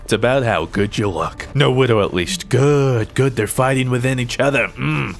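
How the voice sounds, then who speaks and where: A young man giving playful, jokey commentary over his own gameplay, swinging between excited yelps and mock-serious asides. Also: medium pitch, moderate pace, gravelly. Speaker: gaming YouTuber.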